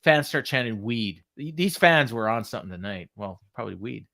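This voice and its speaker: A man's voice: mid-range voice, animated, a little fast, vocal fry, pushed and bright. A man co-hosting a podcast, giving a casual, chatty recap and laughing often as he goes. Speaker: podcast co-host.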